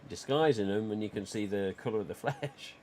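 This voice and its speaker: Rambling through a casual livestream chat full of "you know" asides, this Englishman speaks at a moderate pace. His pitch sits fairly low and his tone is a little mellow; some faint noise hangs in the background.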